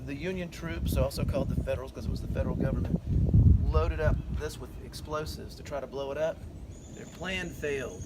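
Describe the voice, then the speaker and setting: A man's voice: medium pitch, fairly quick. A man explaining things patiently and matter-of-factly to a companion while walking outdoors on a hillside. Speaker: tour companion explaining history. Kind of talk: casual explanatory chat. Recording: outdoor recording with road noise.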